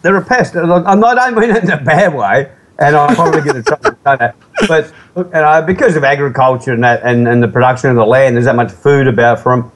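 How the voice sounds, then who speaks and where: A man's voice: mid-range voice, quick pace. A man with an Australian accent, a guest on a radio interview, talking in a rambling, chatty way with frequent restarts.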